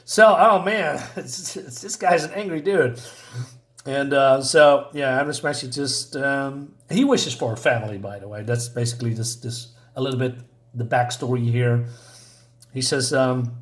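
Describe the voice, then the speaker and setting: A man's voice: medium pitch, a little slow, fairly bright tone. Man casually recapping a comic. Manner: rambling, reads character lines aloud between asides. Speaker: comic book reviewer.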